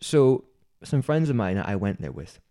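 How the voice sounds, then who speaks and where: This man's voice sits on the low side and moves at a normal speed as he co-hosts a casual podcast. He's an animated storyteller who voices what others said and laughs often.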